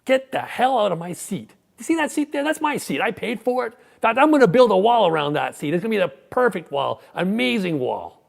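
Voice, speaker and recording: A pastor doing a loud impression of a boastful, aggressive male politician as part of a joke in his sermon. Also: sits high, big pitch swings, fairly quick, gravelly, hardly any pauses, pitched above the performer's own voice, heavily acted. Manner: loud, bragging, repetitive.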